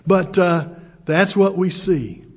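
A man's voice: high voice, steady tone, slow. A man, preaching a sermon in a folksy storytelling way, with self-deprecating humor. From United States. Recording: dull lo-fi recording.

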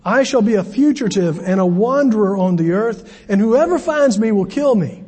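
Plaintive guilty man voiced by a male preacher, self-pitying, breathy. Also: sits high, lively intonation, normal speed, a little mellow. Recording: long hall reverb.

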